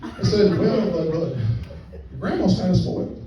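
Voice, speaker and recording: On stage at a live venue, an older stand-up comedian and grandfather tells a folksy comic story and chuckles as he goes. His voice sits high with lively intonation at a moderate pace, while the distant, roomy, dull recording is very noisy.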